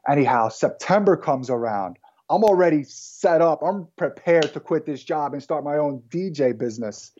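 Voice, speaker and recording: A man being interviewed as a guest, telling his life story in a relaxed, casual way with frequent fillers and restarts. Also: mid-range voice, moderate pace, muffled recording. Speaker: guest entrepreneur.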